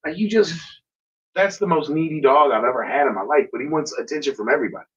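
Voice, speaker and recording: A man co-hosting a podcast in loose, profane conversation and animated storytelling. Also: mid-range voice, rapid-fire, breathy edge. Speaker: podcast co-host. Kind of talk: casual chat. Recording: dull lo-fi sound.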